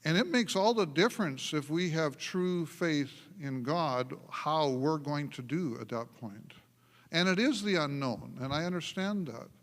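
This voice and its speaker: A male pastor preaches with animated storytelling, often laughing and restarting mid-sentence. His voice is higher than usual and bright. It rings through a church hall with long reverb. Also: measured pace. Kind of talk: sermon. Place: church sanctuary.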